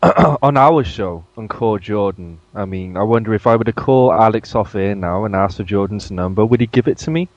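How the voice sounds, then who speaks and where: A man's voice: lowish voice, moderate pace, hardly any pauses, no echo. Brief: male radio co-host, playful eager sidekick, dry and dull lo-fi audio. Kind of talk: late-night radio banter.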